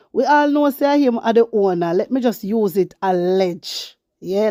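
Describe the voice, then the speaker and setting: A woman's voice: medium pitch, dry recording, clean studio sound. A Jamaican woman hosting casual political commentary, switching between patois and English and speaking straight to her viewers. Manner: animated, mixes Jamaican patois and English, addresses viewers as wisdom warriors; reads news excerpts aloud.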